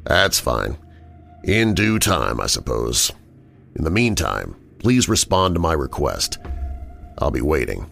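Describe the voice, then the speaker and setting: A deep, silky villain who talks down to everyone in a slow, condescending murmur, put on by a male narrator. The voice sits far below a normal speaking voice and stays soft and controlled. Faint music plays underneath. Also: sing-song, heavily acted. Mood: smooth menace. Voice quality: smooth, deep, soft-spoken. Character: smooth condescending sinister man, calm and menacing.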